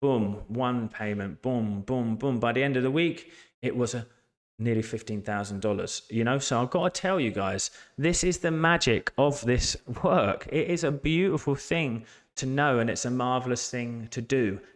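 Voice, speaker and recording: A man's voice: mid-range voice, moderate pace. A man working as a life coach, talking to camera in an earnest, emphatic way and repeating key phrases. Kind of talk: motivational talk to camera.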